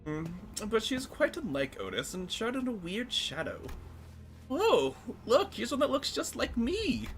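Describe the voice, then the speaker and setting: Animated man reading a game aloud. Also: very high voice, measured pace, faint music behind. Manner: animated, joking, swears. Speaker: game streamer.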